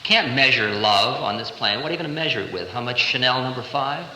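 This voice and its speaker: A man's voice: mid-range voice, lively intonation, a little fast, sharp tone. A man in his thirties giving a playful, conversational spiritual lecture, recorded live in a large hall in 1970. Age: 30s. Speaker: spiritual teacher.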